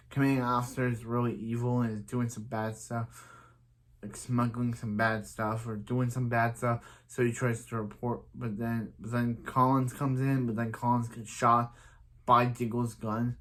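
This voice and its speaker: A man talks through a TV episode in a loose, rambling recap, full of restarts and "he's like". When he quotes the characters, his voice jumps up now and then. His pitch sits in the middle of the male range. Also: little pitch movement, normal speed, fairly bright tone. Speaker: show reviewer.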